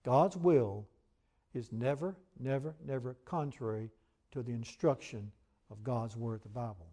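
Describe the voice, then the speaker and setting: A man preaching a sermon, earnest and emphatic, who reads scripture aloud in a measured cadence. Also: mid-range voice, dark tone. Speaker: pastor.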